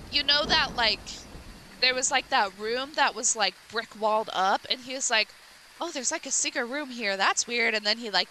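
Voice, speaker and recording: A woman streamer recounts a game's plot in a loose, rambling way, full of likes and false starts. Her voice is bright and sits a little high, with a faint hiss in the background. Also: rough recording. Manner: rambling with many likes and restarts. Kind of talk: casual retelling of a game story.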